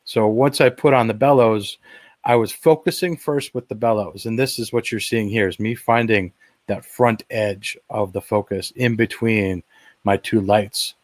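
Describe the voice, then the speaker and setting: Lower-pitched man explaining gear. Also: fairly even intonation, a little slow, no room sound. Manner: enthusiastic, explanatory, frequent fillers and restarts. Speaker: webinar presenter. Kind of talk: casual live demo commentary. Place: at home.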